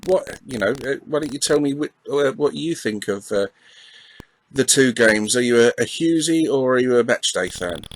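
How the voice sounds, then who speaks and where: Over gameplay, a retro gaming YouTuber from England chats in an Essex accent, middle-aged and self-deprecating, with lots of ums and uhs. His medium-pitched voice is animated at a normal speed. The audio is poor, carrying a little hiss or hum.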